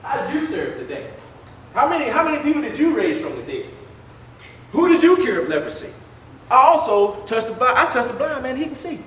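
A man's voice: very high-pitched, big pitch swings, fairly quick, fairly bright tone, very echoey, far from the mic, slight background noise, voice pushed up, exaggerated voice, low-quality recording. A preacher voicing a boastful man who swaggers about his own miracles. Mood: bragging.

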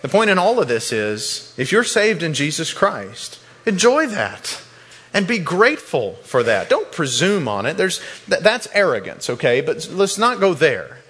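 A man's voice: fairly high pitch, big pitch swings, a little slow, fairly bright tone, husky. A man preaching a sermon in a church, earnest and repeating words when he stresses a point. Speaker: pastor. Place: church sanctuary. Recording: long reverb in a large hall.

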